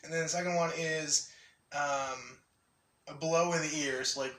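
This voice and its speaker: A man rambling excitedly in a casual vlog, laughing often and restarting his sentences. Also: a little high, measured pace, reverberant, distant mic. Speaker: anime vlogger.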